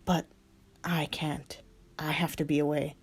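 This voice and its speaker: A woman voicing a gentle male demon who tenderly says goodbye to his lover, speaking softly and sometimes whispering. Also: medium pitch, lively intonation, moderate pace, husky, pitched above the performer's own voice.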